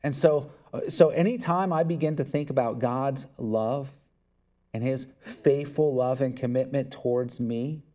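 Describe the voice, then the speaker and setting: This is a man preaching a sermon with a warm, mellow voice at an average pitch. He talks to his congregation in an earnest, conversational way. He slips into quoted back-and-forth dialogue. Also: unhurried. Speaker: pastor.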